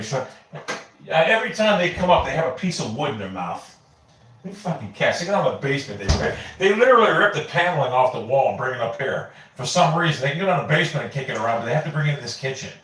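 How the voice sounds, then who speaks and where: A man's voice: mid-range voice, roomy sound, slight background noise. A man chatting casually on a livestream from his home kitchen into a phone, rambling and swearing as he snacks. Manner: rambling, profane, easily excited.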